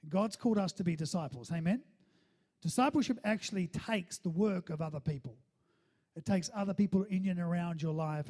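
A man's voice: high-pitched, dark tone. A man preaching a sermon, often calling out to his listeners for agreement and repeating words as he goes. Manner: calls for audience response, repeats words. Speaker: pastor. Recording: hall with long reverb.

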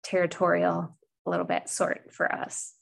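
A woman's voice: fairly low pitch, completely flat delivery, normal speed, gravelly. A woman in her thirties co-hosting a casual Bible discussion, speaking in a thoughtful, reflective way and laughing easily. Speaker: co-host of a scripture discussion.

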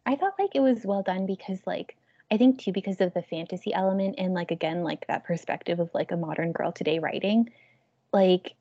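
A woman's voice: on the low side, a little fast, mellow, no echo. Young woman, casual book chat, filler-heavy; dry, dull-sounding recording. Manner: chatty, heavy use of filler "like". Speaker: book club member.

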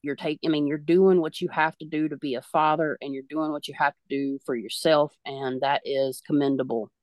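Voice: medium pitch, fairly even intonation, brisk, darkish tone, no room sound. A podcast host in their thirties who speaks reassuringly and passes on messages from spirit as a medium. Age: 30s. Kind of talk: conversational podcast talk.

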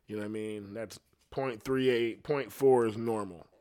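Male talker, lowish voice, easygoing and foul-mouthed, wandering casual monologue. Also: steady tone, normal speed, warm tone. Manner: profane, meandering, laid-back storytelling. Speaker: singer talking on a podcast.

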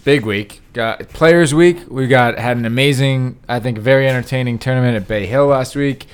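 A man's voice: mid-range voice, moderate pace, clean tone. A man hosting a podcast in casual chat, upbeat and rambling, often correcting himself. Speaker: podcast host.

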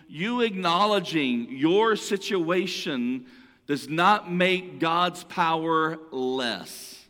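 A man's voice: a little high, a bit bright. Preaching man in a reverberant hall. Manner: conversational preaching, repeats phrases and restarts. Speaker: pastor. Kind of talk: sermon.

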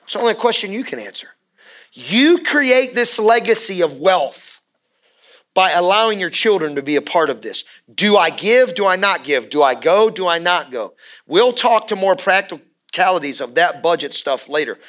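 A man's voice: sits high, animated, moderate pace, fairly bright tone. A man preaching on money to a class, emphatic and cheering the other speaker on. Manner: emphatic, calls out encouragement.

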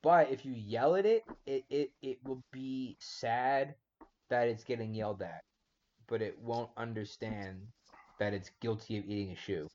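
A man hosting a relaxed podcast chat, playful and teasing, padding his talk with filler words. The recording sounds muffled and dull. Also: medium pitch, a little slow. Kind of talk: casual chat.

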